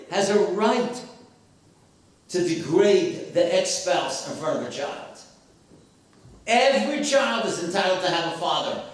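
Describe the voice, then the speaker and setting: High-voiced man preaching in an echoey hall. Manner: emphatic, preachy storytelling with rhetorical questions. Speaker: speaker at a memorial gathering. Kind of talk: sermon-style talk with stories. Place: hall with a live audience. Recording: very echoey hall, voice far from mic.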